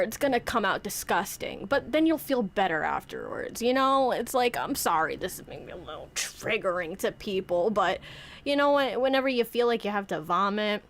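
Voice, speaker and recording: A young woman streamer talks in a loose, rambling way, with pitch that leaps around. Her voice sits a bit high for a woman. She often interrupts herself and plays little scenes with her toys. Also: very animated, moderate pace, fairly bright tone, a little hiss or hum. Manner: playful, rambling, self-interrupting, acts out skits with toys. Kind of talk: casual chat.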